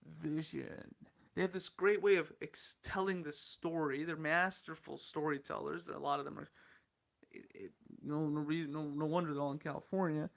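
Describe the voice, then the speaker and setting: A man hosts a solo podcast, talking in a loose, opinionated way that is full of swearing and restarted phrases. His voice sits a little high for a man and has a gravelly edge. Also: fairly even intonation, normal speed. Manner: blunt, profane, opinionated, rambling with restarts. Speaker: podcast host. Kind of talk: casual solo podcast commentary.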